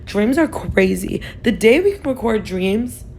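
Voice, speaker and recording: A young woman in her twenties vents straight into her phone camera in a loose, chatty way, full of "like" and the odd swear. Her voice sits at a middle pitch. A faint low rumble hums behind her. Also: animated, measured pace, gravelly, darkish tone. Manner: chatty, frank, swears, lots of "like". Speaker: TikTok creator. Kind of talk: casual talk to camera.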